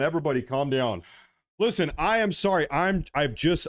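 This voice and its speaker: A man's voice: a little high, moderate pace. A man hosting a livestream, ranting in agitated bursts about the news and thanking viewers. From United States. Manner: agitated ranting, then calming down. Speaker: livestream host. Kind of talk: livestream commentary.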